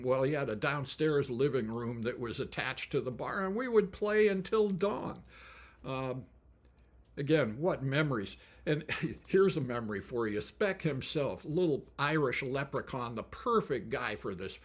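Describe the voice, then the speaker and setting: A man's voice: medium pitch, lively intonation, normal speed. An older man telling stories in a casual, folksy way, chuckling often as he talks. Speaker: musician and storyteller. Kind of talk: casual spoken storytelling.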